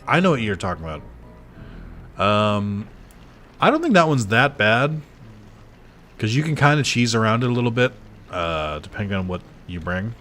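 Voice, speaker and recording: A man's voice: lowish voice, animated, moderate pace, pauses often, a bit bright. A man chatting casually while streaming a game, swearing freely and answering his chat. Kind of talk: casual gameplay commentary.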